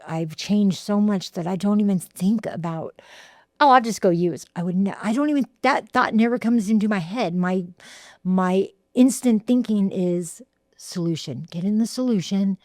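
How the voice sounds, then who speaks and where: A woman, telling her recovery story in a halting way with repeated words and fillers. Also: mid-range voice, a little mellow, no room sound, clean studio sound. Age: 60s. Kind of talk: heartfelt personal testimony.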